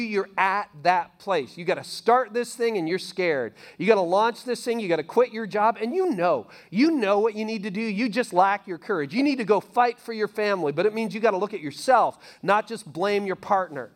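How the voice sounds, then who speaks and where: A male pastor preaches in a loose, talky style, his voice sitting high and leaping around a lot. He punches key lines, then drops to a near-whisper. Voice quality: animated, conversational preaching with sudden soft drops. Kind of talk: sermon.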